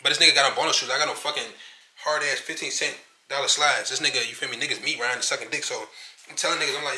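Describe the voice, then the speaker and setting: A young man from Virginia telling a story to camera in casual, profane slang, animated and talking in quick bursts. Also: medium pitch, reverberant. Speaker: vlogger.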